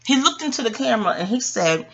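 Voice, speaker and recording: A woman in her forties, an astrologer talking in a casual, rambling monologue, animated and profane with laughing asides. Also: on the high side, fast talker, creaky, muffled recording. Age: 40s.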